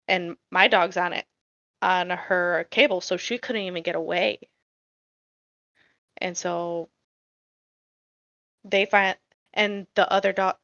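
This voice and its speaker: A woman's voice: lowish voice, a bit bright, no room sound, lo-fi sound. A woman co-hosting a podcast, telling a story in casual chat in a blunt, profane way that gets heated. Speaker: podcast co-host.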